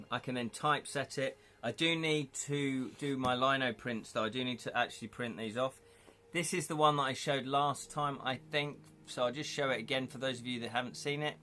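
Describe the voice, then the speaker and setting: A man's voice: mid-range voice, sharp tone, slight background noise. Chatty man chatting on a live stream. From United Kingdom. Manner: chatty, rambling, reads out viewer comments. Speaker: streamer and illustrator. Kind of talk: casual live-stream chat.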